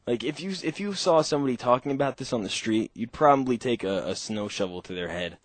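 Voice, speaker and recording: A man's voice: mid-range voice, lively intonation, quick pace, no room sound. Male call-in host, loose and profane, rambles and laughs at his own jokes, dry close sound. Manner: rambling, heavy swearing, frequent laughter. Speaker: radio show host. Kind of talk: casual profane monologue.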